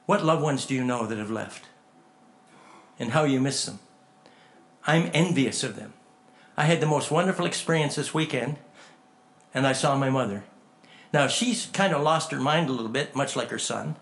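A man preaching a sermon in a folksy, animated storytelling way, acting out conversations as he tells them. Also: mid-range voice, normal speed, pauses often. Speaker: pastor.

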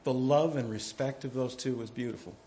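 A man preaching a sermon, telling folksy stories and jokes, his volume swinging from quiet to loud as he gets animated. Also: mid-range voice, brisk, slight background noise. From United States. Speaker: pastor.

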